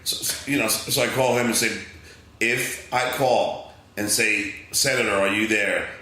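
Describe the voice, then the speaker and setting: Here the same kind of speaker, a middle-aged Long Island man guesting on a podcast, takes his time with an animated tale. He voices other characters, stumbles through fillers and restarts, and sounds medium-pitched, excitable, and unhurried in a low-quality, reverb-heavy recording.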